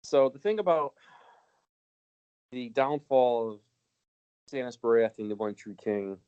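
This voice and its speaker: A man's voice: mid-range voice, a little slow, dark tone, clean tone, lo-fi sound. A man co-hosting a casual podcast, ranting with lots of swearing and frequent laughter. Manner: ranting, profane, laughs often. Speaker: podcast co-host.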